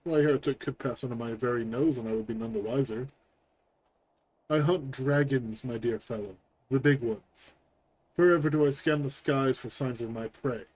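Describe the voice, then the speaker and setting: A man's voice: medium pitch, normal speed, darkish tone, close to an everyday voice, poor audio. A man reading the lines of a boastful, aloof nobleman who hunts dragons, in a pompous and dismissive manner from a game. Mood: haughty.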